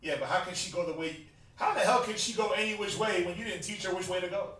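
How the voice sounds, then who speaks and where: A Southern US man with a fairly high voice teaches a religious class in a loose, joking, conversational way. He laughs often and drops into slang. He is picked up from across a very echoey room by a distant mic, with faint hiss behind him. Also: quick pace, a bit bright. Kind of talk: casual sermon-style class teaching.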